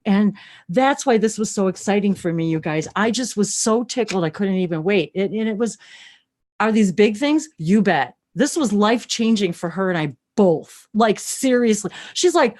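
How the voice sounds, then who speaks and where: A woman's voice: mid-range voice, animated, normal speed, a little mellow. A woman in her sixties, co-hosting a live stream, tells a story in a bubbly, breathless way, laughing often and squealing when thrilled. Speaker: co-host of a live channeling broadcast. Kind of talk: excited storytelling chat. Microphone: webcam on a video stream.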